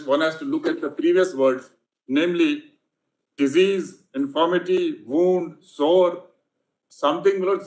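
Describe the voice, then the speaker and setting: A man argues formally before a bench, deferential and repeating "my lord" again and again. His voice sits a touch high for a man. The large courtroom leaves a roomy echo around every word. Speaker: senior advocate. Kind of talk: courtroom argument.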